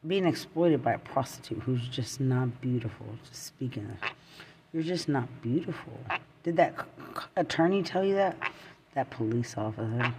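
A man's voice: animated, normal speed, a little hiss or hum. Bitter, rambling man ranting. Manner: bitter, accusing, rambling with abrupt swings in pitch and loudness. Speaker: podcaster. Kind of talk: angry personal rant.

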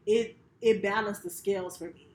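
Brief: hesitant, reflective woman co-host, mid-pitched, roomy sound. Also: fairly even intonation, normal speed. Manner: reflective, hesitant, many fillers. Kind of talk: casual chat. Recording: echoey room with faint noise.

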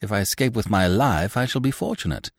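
A man voicing a clever young gentleman who answers with cool, unruffled irony. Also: fairly low pitch, expressive, a little fast, no echo, studio quality, pitched above the performer's own voice. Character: clever young man, bland and quick-witted.

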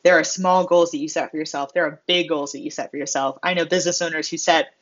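A woman's voice: sits low, quick pace. Woman doing a pep-talk monologue, playful, does little voices, kinda muffled audio. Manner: expressive, acts out quoted voices with self-mocking humor. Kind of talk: motivational monologue. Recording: slightly dull lo-fi sound.

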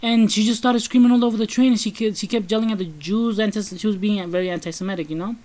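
A woman with a New York accent co-hosting a casual podcast, telling stories with lively emphasis and talking straight to listeners. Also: mid-range voice, fast talker, poor audio. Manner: animated storytelling, addresses listeners as guys. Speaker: podcast co-host.

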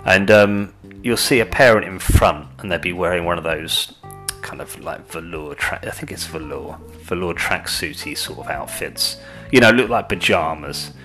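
A man's voice: sits low, moderate pace, pushed and bright, soft background music. A man ranting in a casual monologue, sweary and exasperated, rambling with restarts.

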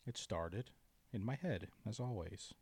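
A man in casual chat, ranting profanely about his bad day, dropping to mumbles and then yelling. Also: lowish voice, animated, a little slow, husky, dry recording.

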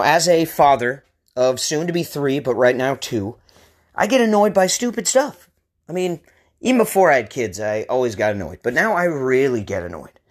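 A man in his thirties from the US West Coast, hosting a podcast with a rambling, ranting comic monologue. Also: sits high. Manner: ranting, rambling, crude jokes. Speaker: podcast host. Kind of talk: comedic monologue.

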